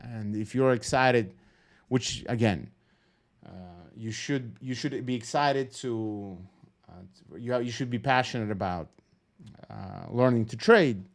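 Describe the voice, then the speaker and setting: A man talks through a live trading stream in an easy, rambling way. He keeps his energy deliberately calm and low-key, curses casually and restarts his sentences often. His voice sits at an ordinary middle pitch. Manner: rambling, frank, swears casually, many fillers and restarts.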